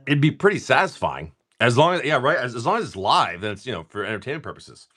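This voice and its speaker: A man talks loosely on a card-opening livestream, swearing freely and circling back on his sentences. His pitch swings widely as he reacts to the cards he pulls. His voice is mid-pitched. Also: big pitch swings, quick pace, a bit bright. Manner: laid-back, rambling and profane, lots of restarts. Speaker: card-breaking livestream host. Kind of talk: casual livestream chat while opening card packs.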